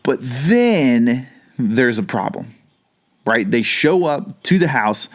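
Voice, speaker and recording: A man's voice: medium pitch, sing-song, slow pace. A man pastor teaching the Bible casually from his home basement, chatty and rambling, with frequent asides.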